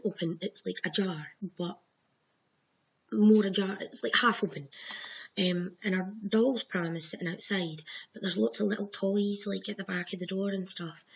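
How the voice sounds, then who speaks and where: A woman's voice: medium pitch, breathy edge. A young woman, a mother, casually telling her own dream stories in a rambling way, swearing freely and acting out what she said. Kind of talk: casual storytelling to camera. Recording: dull lo-fi home recording.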